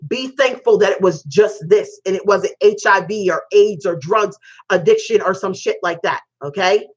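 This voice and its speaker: A woman's voice: mid-range voice, normal speed, husky. A middle-aged woman giving a blunt, profane, preachy tarot reading as a casual monologue. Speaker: tarot reader. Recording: dull lo-fi sound.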